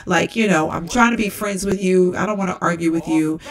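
A woman's voice: a little fast, close to an everyday voice. A woman voicing a stressed married young man game character who pleads and defends himself. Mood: pleading. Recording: distant low-quality game capture.

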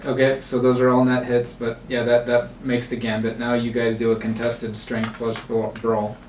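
A man running a tabletop game, talking through the rules with frequent pauses. He sits away from the mic in an echoey room. A steady hiss of noise sits under his voice. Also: medium pitch, distant mic. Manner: halting, many fillers. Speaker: game master.

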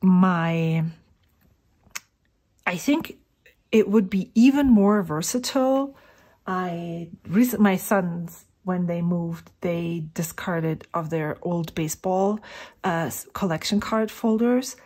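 In a slow, lowish, slightly mellow voice, a middle-aged fountain pen vlogger wanders through thoughts about inks while swatching at her desk at home. She thinks out loud and drops to a whisper from time to time.

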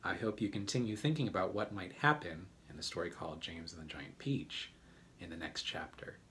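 A man reading a children's storybook aloud as a teacher, gentle and deliberate. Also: sits low, slight background noise.

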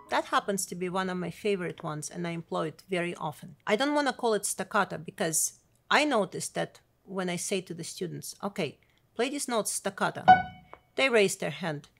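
Middle-aged woman, piano professor, clear and demonstrative, piano heard behind. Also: on the low side, a bit bright. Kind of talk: instructional video lesson. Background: piano playing.

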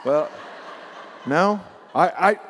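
A man's voice: fairly high pitch, animated, extremely slow, a bit bright, big-room sound, slight background noise. Folksy, emphatic preaching man. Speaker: pastor. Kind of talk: sermon.

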